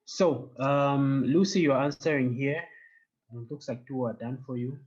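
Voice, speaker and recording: A man leads an online German class, explaining things in English and slipping German phrases in. He speaks slowly and patiently, with a joking edge. The audio is dull and lo-fi. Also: medium pitch, a little mellow. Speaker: German teacher.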